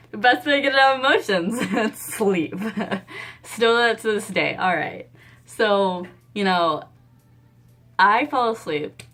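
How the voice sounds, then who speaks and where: A young adult woman telling a personal story in a casual vlog, animated, acting out the dialogue and laughing often. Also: medium pitch. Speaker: vlogger.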